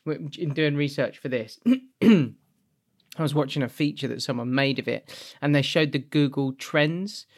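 A man's voice: fairly high pitch, normal speed. A man co-hosting a casual film podcast, who talks keenly and corrects himself as he goes. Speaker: podcast co-host. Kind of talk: casual film review chat.

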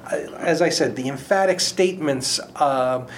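A man's voice: medium pitch, moderate pace, a little hiss or hum. A man on a Bible study panel, speaking earnestly and emphatically as he quotes scripture. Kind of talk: casual Bible discussion.

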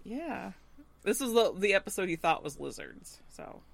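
A woman's voice: medium pitch, vocal fry. A woman co-hosting a casual podcast, recapping a TV episode and acting out the characters' lines with lots of laughter. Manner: animated, laughing, acts out characters' lines in quick voices. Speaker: podcast co-host recapping a TV show. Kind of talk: casual chat.

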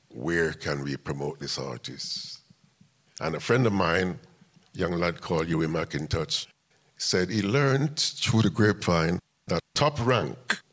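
An older man, a music promoter and interview guest, telling a long story step by step in an unhurried conversational way. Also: deep voice. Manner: recounts events step by step, acting out quoted dialogue.

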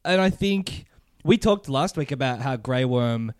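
A man's voice: mid-range voice, lively intonation, unhurried, dry recording. A man co-hosting a casual podcast, joking and laughing often while recapping a TV episode. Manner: jokey, laughs often, short agreeing replies. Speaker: podcast co-host.

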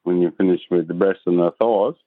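An Australian man, gruff and sweary, telling a crude joke as a caller. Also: deep voice, steady tone, a little fast, no echo. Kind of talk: joke told on a voicemail. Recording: tinny dry phone line.

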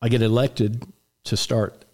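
A man in his sixties telling anecdotes as a guest on a radio talk show, relaxed and full of restarts. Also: medium pitch, unhurried. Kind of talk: storytelling in a radio interview.

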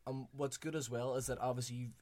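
A man's voice: medium pitch, level tone, fast talker, a crowd in the background. A man chatting casually on a podcast, enthusiastic and swearing now and then. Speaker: podcast co-host reviewing films. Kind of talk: casual chat.

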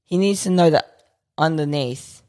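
A man's voice: a little high, darkish tone. A man chatting playfully as a podcast co-host, teasing and drawing words out for laughs. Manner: playful, giggly, drawn-out teasing. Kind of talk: casual comedic chat.

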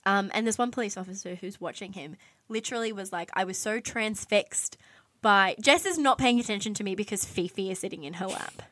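A woman telling a dramatic story in casual podcast chat, animated, swearing and filling her talk with "like". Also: medium pitch, fairly quick. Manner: animated, swearing, many "like" fillers. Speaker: podcast co-host telling a true crime story.

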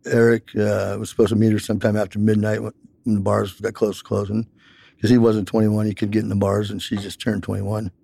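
Man, interviewee, fast talker, dark voice, rambling storyteller with lots of fillers. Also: on the low side, flat delivery, gravelly, breathy edge, dry recording. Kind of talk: personal account in an interview.

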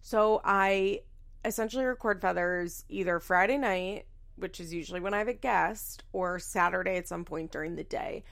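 A young woman talks through her solo podcast in a loose, rambling way. Her voice has a noticeable gravelly fry. She swears casually and jokes at her own expense. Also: on the low side, moderate pace, a bit bright. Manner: chatty, rambling, swears casually, self-deprecating. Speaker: podcast host.

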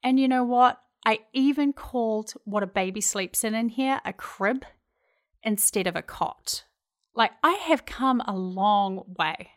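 A woman's voice: fairly high pitch, lively intonation, a little slow. A woman from New Zealand with a Kiwi accent, hosting her own podcast in a chatty, self-deprecating monologue. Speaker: podcast host. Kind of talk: casual solo podcast monologue.

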